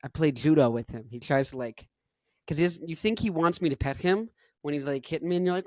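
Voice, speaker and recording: Young guy hosting his own show, easygoing and rambling, slightly high voice, dry close sound. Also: fast, no echo. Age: young adult. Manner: rambling, laid-back slang, chuckles between thoughts. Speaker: podcast host. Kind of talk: casual chat.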